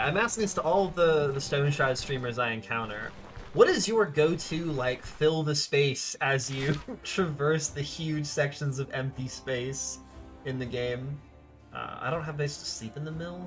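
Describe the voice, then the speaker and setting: Bright-voiced chatty male game streamer. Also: medium pitch. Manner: chatty, rambling, talks to viewers. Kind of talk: casual gameplay commentary.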